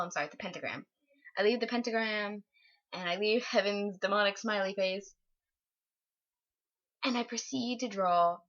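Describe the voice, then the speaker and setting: A young woman telling a story from her morning in a casual, animated way, often breaking into laughter. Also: mid-range voice, dull audio. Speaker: vlogger.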